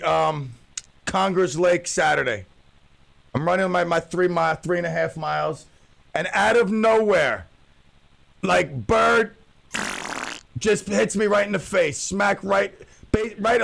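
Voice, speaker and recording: A man's voice: high voice, normal speed, vocal fry, fairly bright tone. A man hosting his own radio talk show alone, joking and rambling with playful tall tales.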